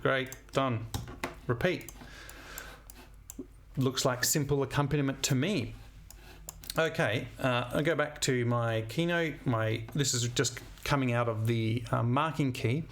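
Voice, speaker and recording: A man's voice: medium pitch, fairly bright tone, a little hiss or hum. A man, a music teacher talking through a composition demo while thinking aloud. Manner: thinking aloud, scatting melodies. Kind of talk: screen-recorded composition demo.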